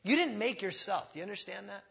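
High-voiced pastor, gravelly, echoey hall. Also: male voice, expressive, quick pace. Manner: conversational preaching, swells loud on key words. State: coughing. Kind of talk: sermon. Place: church sanctuary.

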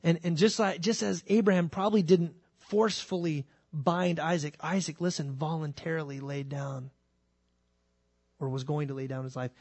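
A man preaching a sermon. He talks in an animated way and acts out the scripture scenes with quick shifts of voice. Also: a little high, dry recording. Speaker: pastor.

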